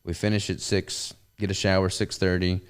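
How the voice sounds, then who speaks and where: A man with a Southern US accent talks in an easygoing, rambling way, full of fillers. His voice sits very low and sounds smooth and resonant. He chats casually as a podcast host. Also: flat delivery, normal speed. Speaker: podcast host and business owner. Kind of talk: casual chat.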